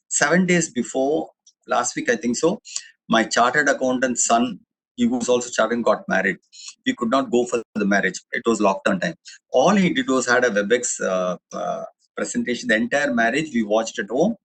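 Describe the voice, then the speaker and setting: Husky-voiced Indian English doctor. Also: male voice, mid-range voice, a bit bright, low-quality recording. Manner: chatty and digressive, with frequent restarts and fillers. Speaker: doctor giving a webinar talk. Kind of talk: anecdotal public talk.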